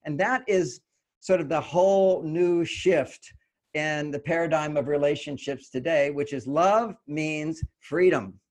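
An older man with a fairly high voice talks through relationship ideas in an earnest, explanatory way. Now and then he slips into a quick, put-on voice to act out what someone might say. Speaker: relationship author, guest. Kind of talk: conversational interview.

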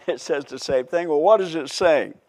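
A man's voice: on the high side, moderate pace, a little mellow. A man preaching a Bible study sermon in a folksy way, chuckling often and restarting his phrases.

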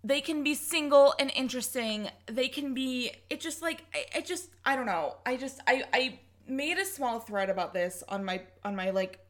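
A woman's voice: high-pitched, moderate pace, hardly any pauses. A young woman co-hosting a casual podcast, ranting heatedly and swearing often. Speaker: podcast co-host.

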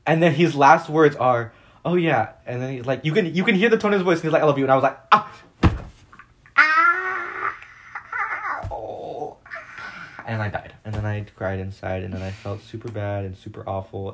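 A man co-hosting a casual podcast chat, telling stories in a rambling, excitable way full of fillers. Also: mid-range voice, fast talker, noisy background. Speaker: podcast co-host.

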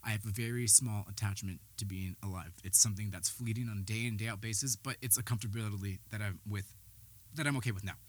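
A man's voice: on the low side, quick pace. A man hosting a podcast, telling his personal story in a candid, rambling way, swearing freely and sounding slightly out of breath. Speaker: podcast host; behavioral health worker.

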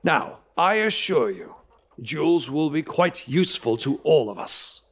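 An actor playing an eccentric old professor who speaks formally and self-assuredly. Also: male voice, a little high, expressive, unhurried, a bit bright, husky, exaggerated voice. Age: older. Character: eccentric old male professor, calm and pompous.

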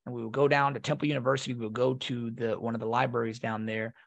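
Man, gravelly voice, reflective, halting storyteller, podcast guest. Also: medium pitch, level tone. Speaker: guest, Marine veteran. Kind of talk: emotional storytelling.

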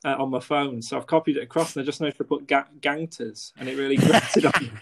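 A man's voice: medium pitch, steady tone, fast, creaky. A young man co-hosting a podcast, restarting his intro over and over and laughing at his own slips. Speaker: podcast co-host. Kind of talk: casual podcast outtakes.

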